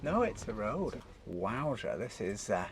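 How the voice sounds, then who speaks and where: Chatty man with a gravelly voice. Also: on the low side, big pitch swings, measured pace, very noisy. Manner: chatty and enthusiastic, admiring the scenery. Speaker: vlog host. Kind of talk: casual travel commentary while driving. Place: inside a small electric car on village streets.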